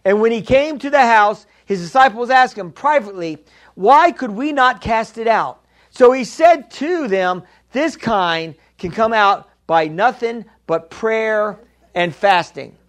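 A male pastor with a high-pitched, slightly bright voice delivers an expressive sermon at a measured pace. His preaching is emphatic and repetitive, returning to key lines and calling out to the congregation.

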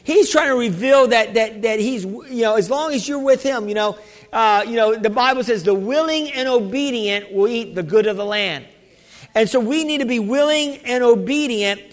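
A male pastor preaching a sermon, halting with many restarts and rising to shouts at the peaks. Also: very high voice. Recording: long reverb of a large hall.

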